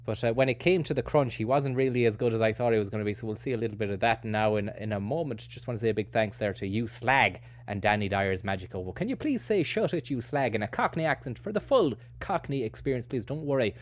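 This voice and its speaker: A man's voice: fairly low pitch, fast, hardly any pauses, no echo. A man hosting a stream, rambling through casual, self-mocking commentary with sweary asides. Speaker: streamer host.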